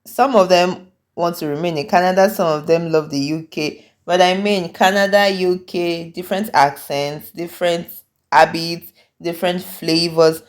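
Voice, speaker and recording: A woman's voice: fairly low pitch, fairly even intonation, moderate pace. A woman hosting, wrapping up for viewers in an upbeat tone, often saying "I mean". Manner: enthusiastic, repeats "I mean". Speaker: host.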